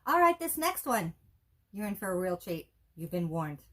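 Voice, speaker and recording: A woman's voice: medium pitch, big pitch swings, normal speed. A woman co-hosting a casual movie review show, with wry, dry joking asides. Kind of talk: casual chat.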